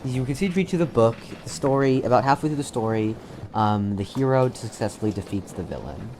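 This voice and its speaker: A man's voice: medium pitch, expressive, fairly quick, darkish tone, a little hiss or hum. A man narrating a tabletop game as game master, laid-back, with many fillers and restarts.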